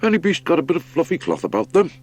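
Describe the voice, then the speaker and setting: A man voicing a quick-witted older female hare, chirpy and practical, in a storybook reading. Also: fairly high pitch, wildly swooping pitch, pitched above the performer's own voice. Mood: brisk.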